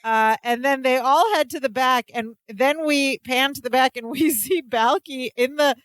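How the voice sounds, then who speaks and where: A podcast co-host casually retelling a sitcom episode, acting out the characters' lines in quick voices. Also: high voice, a bit bright, no echo.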